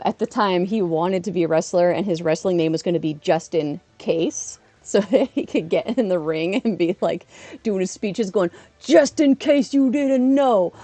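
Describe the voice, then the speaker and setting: A woman's voice: lowish voice, warm tone, no room sound. A woman in her thirties from Canada, chatting casually on a live stream while playing a game and laughing often.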